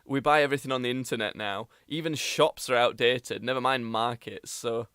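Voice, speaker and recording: A man's voice: medium pitch, brisk, fairly bright tone, clean tone, no room sound. A young man co-hosting a podcast, chiming in with teasing, dry remarks. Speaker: podcast co-host. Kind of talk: casual chat.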